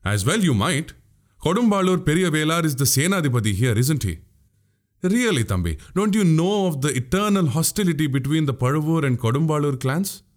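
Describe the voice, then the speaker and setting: A man's voice: fairly high pitch, sing-song, brisk. A man voicing a crafty older male spy in an audiobook, needling and mocking with pointed questions. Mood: prodding. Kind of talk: audiobook character voice.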